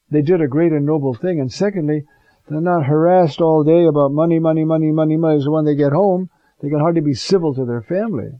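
A priest preaching an informal homily, conversational and digressive, often pausing with fillers and asides. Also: male voice, on the high side, creaky, no echo, muffled recording.

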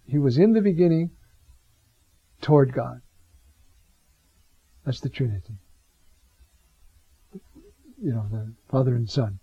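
A man teaching scripture in a reflective way, with frequent rhetorical asides and drawn-out readings of Greek phrases. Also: medium pitch, slightly rough, dry recording. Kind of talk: bible teaching talk. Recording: dull lo-fi sound.

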